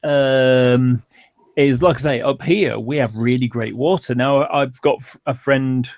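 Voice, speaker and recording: A man talks loosely in a group chat, piling up fillers as he goes. His voice sits at a middling pitch and sounds dry and close, with no room around it. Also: fairly even intonation, measured pace, a little mellow, dry recording. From England. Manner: rambling, many fillers.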